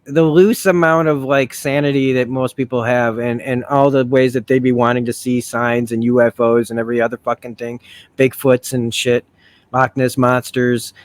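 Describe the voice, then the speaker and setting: A man's voice: mid-range voice, no room sound. Rambling, profane man reviewing a series. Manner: rambling, profane, with self-correcting restarts. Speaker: video essay host. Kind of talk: casual review commentary.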